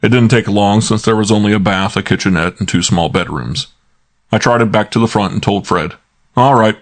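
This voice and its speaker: A man narrating a first-person detective story as an audiobook, brisk and wry. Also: lowish voice.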